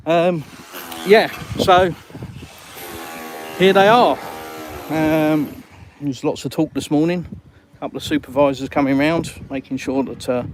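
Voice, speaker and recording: A man's voice: on the high side, a little slow, long pauses. Chatty Englishman on a home livestream. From England. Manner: chatty, answers viewers' comments aloud. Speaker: livestream host. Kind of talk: casual live-stream chat. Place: at home in a house. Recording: clear background noise with clicks.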